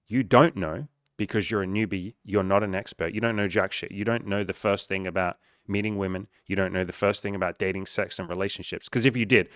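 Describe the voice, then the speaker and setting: A man's voice: lowish voice, fairly bright tone, dry recording, clean studio sound. A man giving a blunt, profane tough-love coaching monologue to camera as a dating coach.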